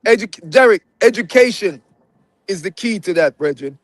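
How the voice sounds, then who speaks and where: High-voiced Jamaican-accented man. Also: lively intonation, moderate pace. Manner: emphatic storytelling, drifts in and out of patois, says "brethren". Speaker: guest. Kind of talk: casual live-stream interview.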